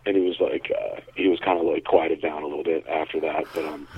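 A man from Connecticut, a bodybuilder, telling a story in a relaxed, rambling way on a call-in show, heard over a tinny phone line. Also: extremely low pitch, a little fast, a little hiss or hum. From Connecticut, USA. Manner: relaxed, rambling, lots of fillers. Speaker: bodybuilder and caller.

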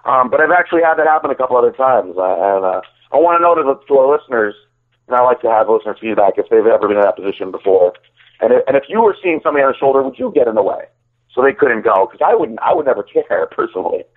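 A man's voice: medium pitch, lively intonation, very fast. A man co-hosting a podcast, telling rambling stories in casual chat. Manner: rambling storytelling, many restarts. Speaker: podcast co-host. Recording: tinny phone line.

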